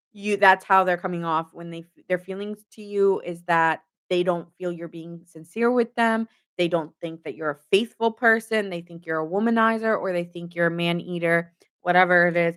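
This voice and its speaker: A woman's voice: on the low side, smooth. A young woman doing a casual tarot reading for her viewers, chatty and giggling often mid-sentence. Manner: chatty, many fillers like "like" and "giving". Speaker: tarot reader.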